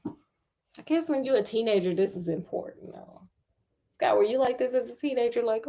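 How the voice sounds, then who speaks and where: A woman's voice: on the high side, animated, normal speed, creaky, long pauses, warm tone. A woman storyteller reading a story aloud, breaking off for sassy, laughing asides to her listeners.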